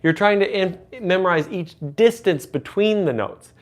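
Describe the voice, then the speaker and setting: A man hosting a casual livestream, teaching relative pitch by humming and singing intervals and chatting with viewers. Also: lively intonation, moderate pace. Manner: hums and sings intervals to demonstrate; chats with viewers. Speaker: livestream host and music teacher.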